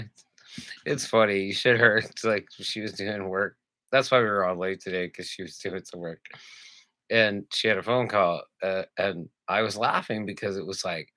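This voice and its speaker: Brief: male comic co-host, lowish pitch, bright tone, dry close mic, profane and laugh-prone banter. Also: no echo. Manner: profane, laughs often, jokey impressions. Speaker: podcast co-host. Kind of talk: crude comedic banter.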